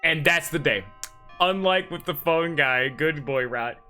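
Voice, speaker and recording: A man's voice: on the high side, unhurried, pushed and bright, soft background music. Sarcastic man narrating his gameplay. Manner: joking, sarcastic, swears freely. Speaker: gameplay commentator. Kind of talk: casual let's play commentary.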